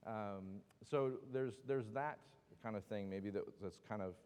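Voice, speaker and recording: A man's voice: on the low side, unhurried, darkish tone, smooth, big-room sound. A man teaching a Bible class in a casual, joking way with lots of asides. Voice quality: joking, chatty, with many asides. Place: church meeting room.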